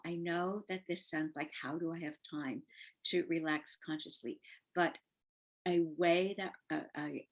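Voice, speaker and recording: An older woman speaks in a low, unhurried voice, offering gentle advice to parents and teachers. She leans on soft repetition to make her points land. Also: poor audio. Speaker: parenting educator.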